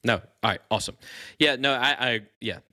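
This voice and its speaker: A man's voice: mid-range voice, a little fast, bright, forceful tone, dry recording. A man hosting a casual faith podcast, laughing easily between thoughts and reading scripture aloud. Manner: laughs easily, filler-heavy delivery. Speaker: podcast host.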